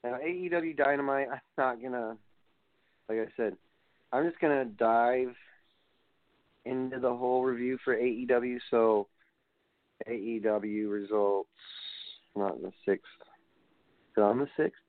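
A man hosting a wrestling review show, talking off the cuff and wandering between points as he reads through results. His voice sits at a middling pitch. It comes through thin and phone-like, with a dry, close sound. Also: steady tone, measured pace, pauses often, no room sound. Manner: rambling, reads results aloud and digresses. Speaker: wrestling podcast host. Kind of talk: casual solo show review.

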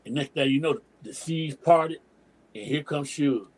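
A middle-aged DJ and emcee from Detroit holds the floor as a podcast guest, spinning a long tale in loose street slang. His voice sits a bit high for a man and has a husky, slightly rough grain. He jumps into the voices of the people he quotes as he goes. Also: normal speed, low-quality recording. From Detroit, USA. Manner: animated storyteller, profane slang, acts out quoted dialogue. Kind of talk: casual storytelling interview.

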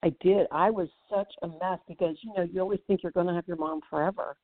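An older woman shares lively family stories as a guest on a conversational interview, laughing often between anecdotes. Her voice comes through thin and phone-like. The sound is dry and close, with no room around it. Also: fairly low pitch, fast talker, no echo. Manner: animated storytelling, laughs often. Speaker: guest author.

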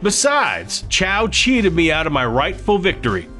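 A man's voice: mid-range voice, expressive, moderate pace, a bit bright, soft background music, natural voice. A man voicing a tough, wry male ex-fighter who talks bluntly with a sarcastic drawl. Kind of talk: audiobook character voice.

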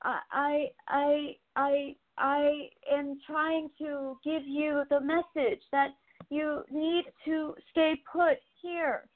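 Woman channeling a loving pet cat, gentle, pleading, repetitive, high voice, slow, phone-like line. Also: little pitch movement. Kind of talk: channeled spirit message.

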